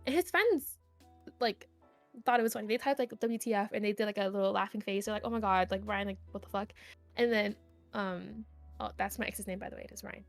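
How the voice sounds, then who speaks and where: Guesting on a podcast, a young female streamer rambles animatedly through a story from her own life, leaning heavily on "like." Her voice is mid-range, creaky and a little fast, and soft background music accompanies the casual chat.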